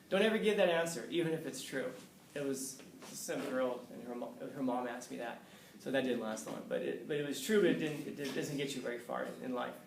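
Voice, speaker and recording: In a roomy, distant recording with faint hiss, a male professor tells his class a frank, conversational story, occasionally swearing and chuckling. His voice is mid-range, fairly quick, and creaky.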